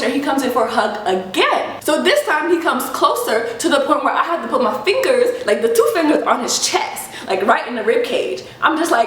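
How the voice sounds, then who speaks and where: Animated young woman telling a storytime. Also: high-pitched, brisk, hardly any pauses. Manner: animated, swearing, acting out voices in her retelling. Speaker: vlogger. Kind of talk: casual storytime vlog. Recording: echoey room with faint hiss.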